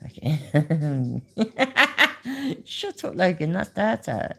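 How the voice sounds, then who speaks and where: A woman's voice: deep voice, big pitch swings, drawn-out words, creaky, pauses often, a little mellow. A woman giving casual, sweary reaction commentary while reading her chat. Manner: swears a lot, laughs, talks to the chat. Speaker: commentary streamer.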